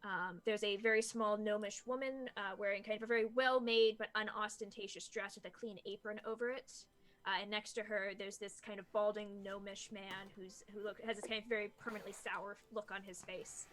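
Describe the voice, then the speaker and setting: A woman narrating as game master of a tabletop game, pausing often with fillers as she describes the scene. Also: mid-range voice, fairly even intonation, fairly bright tone. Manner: halting, many fillers while describing scenes.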